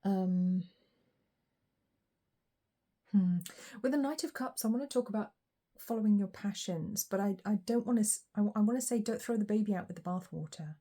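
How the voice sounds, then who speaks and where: Woman, tarot reader, warm mellow voice, reflective, unhurried, lots of ums and pauses. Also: mid-range voice. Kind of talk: collective tarot reading.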